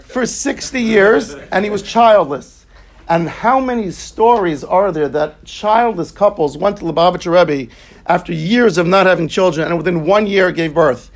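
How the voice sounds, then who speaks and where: A man's voice: sits high, moderate pace. A man teaching a Talmud class, reading the Aramaic and explaining it line by line in English.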